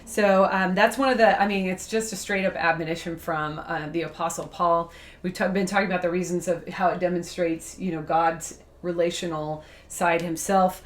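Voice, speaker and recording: A woman's voice: lowish voice, steady tone, moderate pace. A woman who is a professor co-hosting a faith talk show. She explains ideas conversationally and laughs easily. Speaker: apologetics professor and co-host. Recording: roomy echo.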